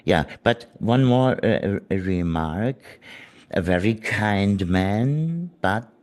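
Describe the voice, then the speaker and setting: A man being interviewed as a guest, telling a story earnestly and haltingly, with many fillers and restarts. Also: on the low side, lively intonation, darkish tone. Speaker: guest physical medium.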